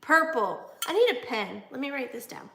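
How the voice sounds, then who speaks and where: A woman, hosting a casual livestream and chatting excitedly with viewers, often jumping between topics. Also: sits high, fairly quick, gravelly, roomy sound. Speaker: antique reseller hosting a livestream. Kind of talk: casual live chat with viewers.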